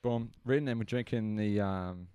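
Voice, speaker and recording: A man's voice: lowish voice, normal speed, mellow, smooth, no echo, lo-fi sound. Australian man telling a rambling yarn. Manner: rambling, swearing storyteller. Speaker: podcast co-host. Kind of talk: casual chat.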